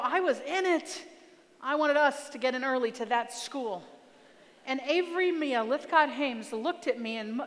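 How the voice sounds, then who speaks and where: A woman in her forties giving a storytelling talk as a guest speaker, animated and acting out family dialogue. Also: on the high side. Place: large hall. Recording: reverberant hall.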